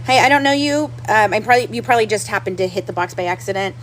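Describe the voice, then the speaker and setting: A woman's voice: medium pitch, lively intonation, fast, slight background noise, rough recording. A woman hosting a casual livestream. She talks straight to the viewers in the chat, repeats herself a lot and sounds upset and restless. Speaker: livestream host.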